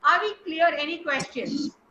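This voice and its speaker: A woman leads a speaking lesson with a high, bright voice. She explains step by step and keeps asking the group questions. The sound is roomy and a little dull, as if taped in an echoey meeting room. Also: normal speed, a little hiss or hum. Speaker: speaking coach. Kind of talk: classroom lesson on word stress.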